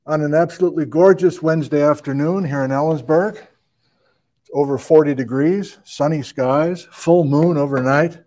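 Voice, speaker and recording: A man with a voice on the high side and slightly mellow hosts a casual livestream, upbeat as he greets viewers and reads out where they're watching from. He sounds out of breath.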